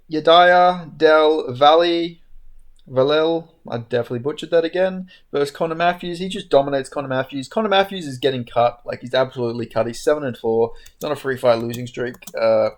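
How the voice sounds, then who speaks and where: A man's voice: a little high, normal speed. A man hosting a casual, unscripted fight recap, talking frankly in a loose, rambling way with plenty of fillers. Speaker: MMA fight recap host.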